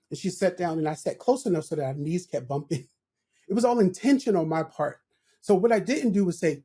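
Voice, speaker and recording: A man's voice: high voice, expressive, brisk, mellow, slightly rough. A man who is a guest on a podcast interview, explaining ideas through stories in a reflective, conversational way and often checking in with "right?". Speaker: guest, professional development director.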